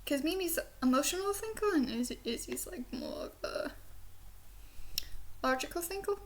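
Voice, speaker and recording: A woman's voice: very high-pitched, expressive, normal speed. A woman from the southern United States with a speech impediment that she says sounds British, rambling casually through a review with lots of fillers and giggles. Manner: chatty and giggly, with many "like" fillers and soft whispered asides. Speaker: video reviewer.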